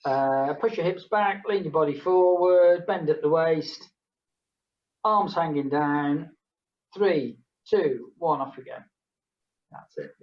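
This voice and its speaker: A woman's voice: low voice, takes it slowly, dull audio. A woman leading a group exercise class, chatting between count-downs and humming playful sounds. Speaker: fitness instructor.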